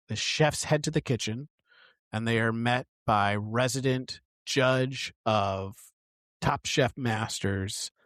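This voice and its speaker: A man's voice: medium pitch, dry recording. Chatty man co-hosting a podcast. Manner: chatty, animated, lots of fillers. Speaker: podcast co-host. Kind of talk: casual chat recapping a TV show.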